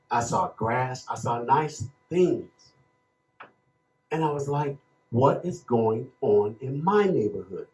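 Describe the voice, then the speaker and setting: A man's voice: mid-range voice, darkish tone. Impassioned man in an echoey room. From Chicago. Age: 50s. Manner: emotional, preacher-like cadence with slow emphatic phrases. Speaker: panel speaker. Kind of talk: impassioned testimony. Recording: echoey room, dull lo-fi sound.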